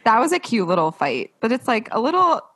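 A woman's voice: fairly high pitch, sing-song, fairly quick, a bit bright. A young woman co-hosting a podcast, chatting casually about a book, swearing and laughing often. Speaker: podcast co-host.

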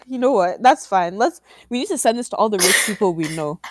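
A woman's voice: mid-range voice, big pitch swings, brisk, no room sound. Young woman podcaster, dry close sound. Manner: laughs often, exclaims "oh my God". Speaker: podcast co-host. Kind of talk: casual chat.

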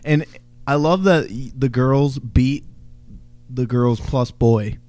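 A man's voice: medium pitch, takes it slowly, darkish tone, no echo, soft background music. A man co-hosting a podcast in casual chat, joking and teasing as he reacts. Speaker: podcast co-host.

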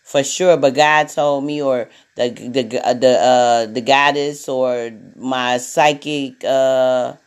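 A woman's voice: extremely low pitch, fairly even intonation, slow pace, hardly any pauses. A woman hosting a podcast in a casual monologue, blunt and profane, repeating herself. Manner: blunt and profane, with many repetitions. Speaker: podcast host.

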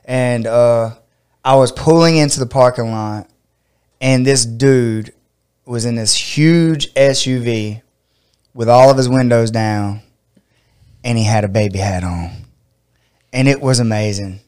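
A middle-aged man from Georgia with a drawl tells a story in casual chat. His voice is smooth and clear. He laughs often and slips into high squeaky voices when he quotes people. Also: a little slow, pauses often, darkish tone. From Georgia, USA. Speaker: podcast host and fight coach.

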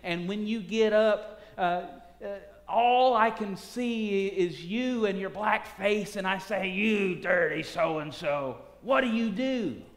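A preacher putting on a forceful old ball club boss. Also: male voice, high-pitched, slow pace, voice pushed up. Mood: provoking. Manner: forceful, challenging, emphatic. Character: hard-driving older male baseball executive. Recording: echoey hall reverb.

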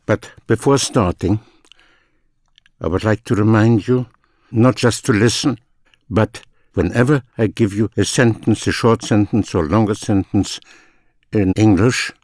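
Older guy teaching a language lesson, slow and deliberate, lowish voice, dry studio sound. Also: a little mellow, no room sound. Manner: slow, deliberate, repeats phrases for the learner.

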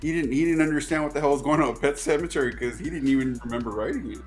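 A man's voice: a little high, rapid-fire, soft background music. A man co-hosting a casual movie podcast, blunt and swearing as he criticizes performances. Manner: blunt, swears freely, vents about performances. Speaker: podcast co-host.

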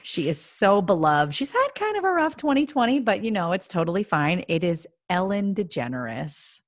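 A young woman co-hosting a podcast, chatting in a bubbly way and quick to exclaim. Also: mid-range voice, sing-song, no room sound, clean studio sound. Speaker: podcast co-host. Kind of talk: casual chat.

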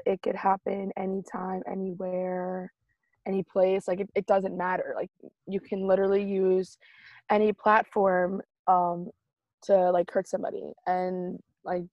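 A young woman talks on a podcast in a loose, relaxed manner, filling her sentences with "like." Her pitch is middling. The sound is close and dry. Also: gravelly, no room sound, lo-fi sound. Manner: relaxed, 'like'-heavy, giggly. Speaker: podcast co-host. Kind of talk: casual podcast chat.

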